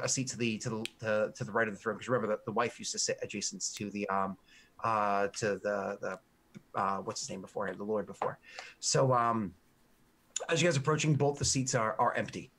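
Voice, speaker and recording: A man's voice: medium pitch, fairly quick, a bit bright, slight background noise. A man narrating a tabletop game as game master, rambling with restarts and fillers.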